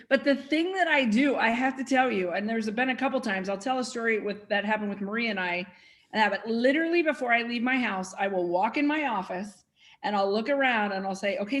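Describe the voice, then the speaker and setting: A woman co-host telling a personal story in a casual, animated way. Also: on the high side. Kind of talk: casual chat.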